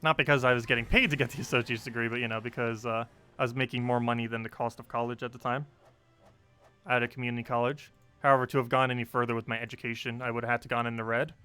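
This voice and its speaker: A man's voice: mid-range voice, flat delivery, fast talker, pushed and bright, clear, resonant tone, faint music behind. A young man chatting casually on a game live stream, reading chat and laughing often.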